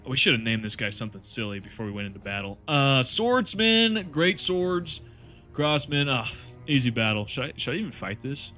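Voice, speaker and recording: Dude streaming a video game, loose rambly talk, cursing and laughing with chat, average-pitched voice. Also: male voice, lively intonation, brisk, pushed and bright, faint music behind. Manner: rambling, laid-back, swears casually and laughs often. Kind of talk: casual live-stream chat while gaming.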